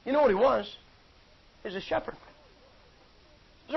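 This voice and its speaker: A man's voice: high-pitched, expressive, normal speed, gravelly, pauses often, husky. A man preaching a sermon in a folksy, joking, conversational way. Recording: dull lo-fi recording.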